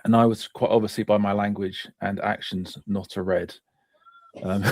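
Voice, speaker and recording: Guy, lowish voice, dry understated anecdote, close dry mic. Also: little pitch movement, moderate pace, darkish tone, no echo. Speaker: podcast co-host. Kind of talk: casual storytelling.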